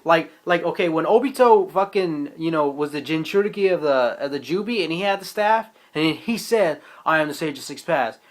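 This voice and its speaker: Young male reviewer, slightly high pitch, excitable and foul-mouthed, casual slang. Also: moderate pace, few pauses. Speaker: manga reviewer.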